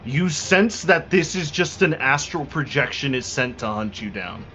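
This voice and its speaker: A man running a tabletop game as game master, narrating dramatically and slowing down for effect, with frequent restarts. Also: medium pitch, sharp tone. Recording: dull lo-fi recording, faint music.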